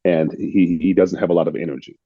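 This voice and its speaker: Deep-voiced older American man telling stories. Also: fairly even intonation, mellow, breathy edge, no room sound, lo-fi sound. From United States (Illinois). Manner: reflective, unhurried, repeats words as he restarts. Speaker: actor, interview guest. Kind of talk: casual storytelling interview.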